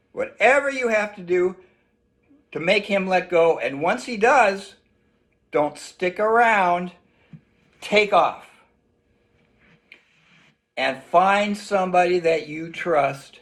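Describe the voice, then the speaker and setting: Male instructor, high voice, children's lesson, animated delivery. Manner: animated, acts out shouts for kids. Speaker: self-defense instructor.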